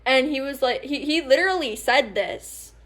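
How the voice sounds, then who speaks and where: High-voiced chatty teen girl. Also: expressive, moderate pace, a bit bright. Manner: rambling, laughing, swearing. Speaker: vlogger. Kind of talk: casual storytime chat.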